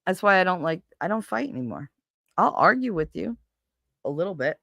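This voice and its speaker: A man's voice: sits high, fairly quick, gravelly, dry recording, lo-fi sound. A man hosting a casual live stream, talking bluntly and animatedly with plenty of swearing. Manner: blunt, profane, animated storyteller. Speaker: livestream host. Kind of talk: casual chat to a live audience.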